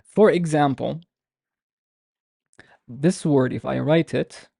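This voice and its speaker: Male language teacher on a video call, gravelly mellow voice, dry close sound, patient and explanatory, drags out example words. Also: a little high, no echo. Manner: explanatory, with frequent restarts and drawn-out example words. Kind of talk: online language lesson.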